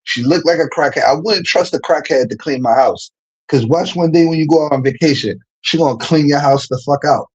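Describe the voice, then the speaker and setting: Husky-voiced man ranting on a stream. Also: a little high, fairly quick, low-quality recording. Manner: animated, slangy, laughs often, mocks in put-on quotes. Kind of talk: casual livestream rant.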